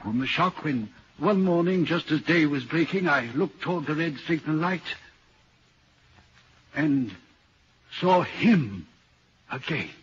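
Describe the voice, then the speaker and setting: Slowly and with long pauses, a man with a high-leaning voice and lively intonation acts the part of a haunted railway signalman. He earnestly recounts a ghostly sighting in this 1940s radio drama. The recording is dull and old, with slight background noise.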